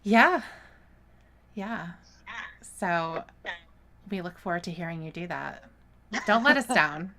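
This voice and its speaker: A woman's voice: fairly low pitch, lively intonation, slow, long pauses, sharp tone, a little hiss or hum. A woman co-hosting a live podcast stream, chatting casually and laughing often in a teasing way. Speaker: podcast co-host.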